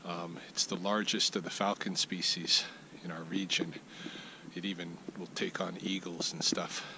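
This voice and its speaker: Easygoing man vlogging outdoors, lowish voice. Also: level tone, normal speed, vocal fry. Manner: easygoing, thinks aloud with many fillers and restarts. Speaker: vlogger giving a weekly update. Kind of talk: casual rambling outdoor vlog. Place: outdoors in his backyard brush. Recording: outdoor ambient noise behind the voice.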